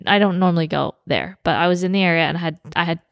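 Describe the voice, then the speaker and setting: A woman's voice: lowish voice, fast talker, gravelly, dry recording, studio quality. A woman co-hosting a casual podcast, telling a story in a rambling way with many fillers and restarts. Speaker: podcast co-host.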